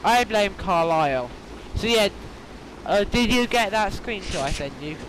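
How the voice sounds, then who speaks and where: A man chatting excitably while playing a train simulator, often stumbling over his words. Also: high-pitched, a little slow, poor audio. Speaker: game player. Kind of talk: casual gameplay chat. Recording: faint background noise.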